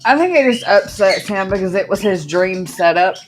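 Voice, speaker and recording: A woman's voice: mid-range voice, animated, normal speed. A woman chatting casually on a headset, giving short easygoing replies. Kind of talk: casual chat.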